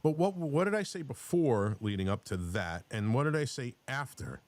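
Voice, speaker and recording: A man's voice: mid-range voice, very animated, normal speed. A man hosting a podcast who talks in a heated, profane way, telling stories and restarting his sentences. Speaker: podcast host. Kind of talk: casual political chat.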